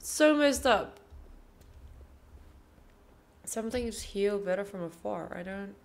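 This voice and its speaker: A woman playing a video game and commenting casually, tender and emotional, cooing at a bear and swearing softly under her breath. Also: medium pitch, expressive, slow, creaky. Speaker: gaming video host. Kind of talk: casual let's play commentary.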